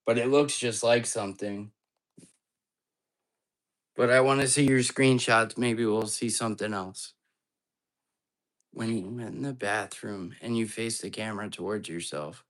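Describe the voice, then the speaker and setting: A man's voice: lowish voice, a bit bright. Jumpy man chatting on a night livestream. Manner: chatty, jumpy, talks straight to his chat. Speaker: live-stream ghost hunter host. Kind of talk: casual live-stream chat. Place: apartment indoors at night.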